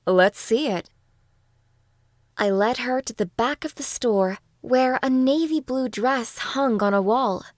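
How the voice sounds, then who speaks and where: A woman narrating a first-person audiobook in a calm, even storytelling manner. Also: high voice, measured pace, few pauses, no echo, clean studio sound.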